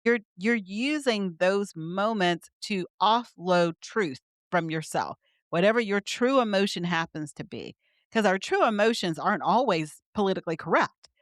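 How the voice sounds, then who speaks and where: A woman's voice: medium pitch, expressive, normal speed, dry recording, clean studio sound. A middle-aged woman, a physician guest, explaining ideas earnestly in conversation with light laughs. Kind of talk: conversational interview.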